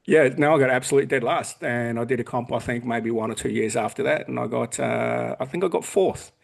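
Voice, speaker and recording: Speaking briskly in a creaky, medium-pitched voice, this podcast guest in his forties keeps the chat casual but blunt. He curses a lot and performs the quotes of people he's talking about.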